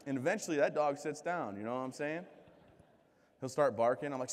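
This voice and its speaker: A man in his thirties from the United States giving a keynote speech as a string of comic stories, joking and poking fun at himself, with lively voices for the people he quotes. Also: medium pitch, fast talker. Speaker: keynote speaker. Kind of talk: comedic storytelling speech. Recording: reverberant hall.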